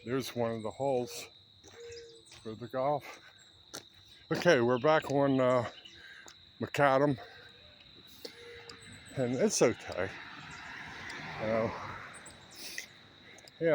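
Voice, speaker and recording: A man in his seventies vlogs while strolling along a park trail, chatting casually and rambling as he walks. His voice is medium in pitch, with a slight hiss or hum in the audio.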